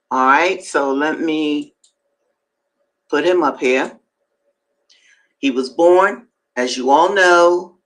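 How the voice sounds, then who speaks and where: A woman hosting a live-streamed reading, talking to viewers between passages and jumping up in pitch to stress her points. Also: poor audio. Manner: emphatic, swings up high to stress points; chatty asides to viewers. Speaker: host and reader.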